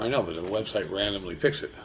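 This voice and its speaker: A man's voice: low-pitched, fast talker, noisy background. A man, the vlogger's husband, chatting casually and incredulously at home.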